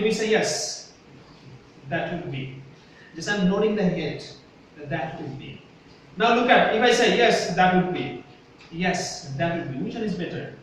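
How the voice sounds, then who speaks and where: A faint hiss and the echo of a classroom, captured from a distance, surround this lecture. A man with a high-pitched, slightly bright voice and a Bangladeshi English accent teaches university students emphatically. He frequently stops to ask them, "Yes? Clear?"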